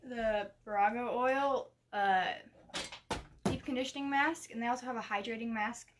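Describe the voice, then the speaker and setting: A woman's voice: on the high side, fairly even intonation, moderate pace, noisy background. A young woman giving a casual live hair-styling tutorial, talking through each step in a chatty way with lots of likes and restarts. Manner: chatty, explains steps with many likes and restarts. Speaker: hair stylist demonstrating on a model.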